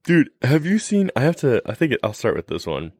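A man co-hosting a casual podcast chat, rambling and joking in an animated way. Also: medium pitch, brisk, husky, dry recording, clean studio sound. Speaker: podcast co-host.

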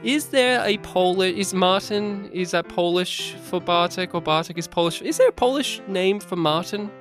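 A man's voice: sits high, normal speed, a bit bright, faint music behind. A man co-hosting a film podcast, playful and bantering in casual chat. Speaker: podcast co-host.

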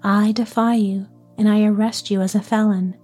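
A woman's voice: medium pitch, flat delivery, normal speed, mellow, slightly rough, faint music behind, natural voice. A woman voicing a proud, hostile young nobleman in a storybook reading. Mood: defiant. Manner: stern, accusing.

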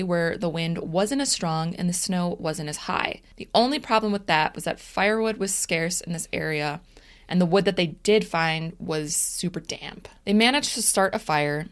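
Woman podcast co-host, casual storyteller, lower voice, easygoing. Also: normal speed, clean tone. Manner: relaxed narration, laughs easily.

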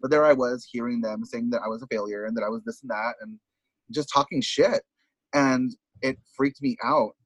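A man's voice: medium pitch, steady tone, normal speed, slightly rough, no room sound. A man who is a drag performer, the podcast's guest, telling his story candidly in casual talk that is full of swearing. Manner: casual, swears freely, acts out quotes of others.

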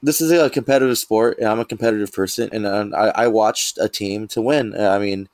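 A man co-hosting a casual sports podcast, talking earnestly and repeating himself in a relaxed, casual way. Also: on the low side, fairly quick, no room sound. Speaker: podcast co-host.

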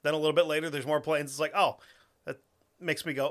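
Joking New man, higher voice. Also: steady tone, fairly bright tone. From New England. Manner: joking, swears casually, quick banter. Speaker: podcast co-host. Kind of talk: casual podcast chat.

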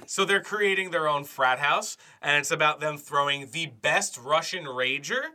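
Bright-voiced rambling man. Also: fairly high pitch, moderate pace. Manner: rambling, filler-heavy, jokey. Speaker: podcast co-host. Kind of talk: casual chat.

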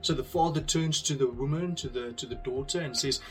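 A man's voice: medium pitch, a little fast, faint music behind. A man giving an earnest, conversational devotional talk, telling a parable and then drawing a lesson from it. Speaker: speaker sharing a devotional message.

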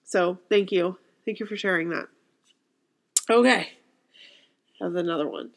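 A woman's voice: fairly low pitch, measured pace, creaky. A woman co-hosting a casual talk show, emotional and sniffling as she reads listener stories aloud. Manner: emotional, sniffling, laughing through tears. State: teary and sniffling. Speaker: podcast co-host reading listener stories. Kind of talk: casual chat and reading aloud.

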